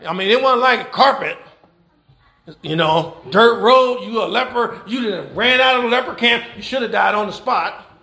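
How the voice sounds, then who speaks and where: A man preaching a sermon, animated and folksy, with rhetorical questions and repeated phrases. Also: sits high, normal speed, vocal fry, echoey room. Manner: folksy Southern American church phrasing. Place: church.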